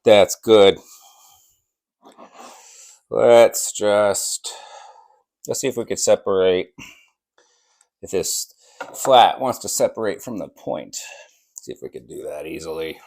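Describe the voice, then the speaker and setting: A man hosting a barbecue vlog, slicing and tasting brisket, enthusiastic and sometimes talking with his mouth full. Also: on the low side, lively intonation, vocal fry, a little mellow. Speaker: barbecue channel host. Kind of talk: casual cooking vlog while slicing and tasting.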